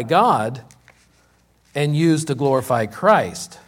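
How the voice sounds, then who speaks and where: Pastor guy preaching, says stuff twice for emphasis, drags out the big words, normal middle pitch. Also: expressive. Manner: repeats key lines for emphasis, with many slow, drawn-out words. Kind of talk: sermon.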